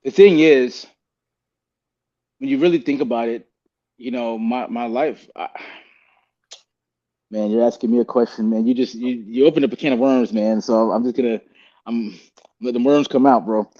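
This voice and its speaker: A man's voice: medium pitch, normal speed, long pauses, warm tone, highs cut off. A man speaking as a podcast guest, earnest and rambling, often calling the host "man" and "bro". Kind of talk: candid podcast conversation.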